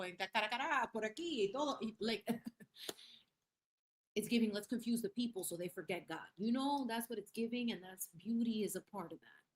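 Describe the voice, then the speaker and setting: Animated woman chatting on a livestream. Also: a little high. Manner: animated, slangy, mixes in Spanish phrases; laughs often and reads chat aloud. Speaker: livestream host. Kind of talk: casual livestream chat.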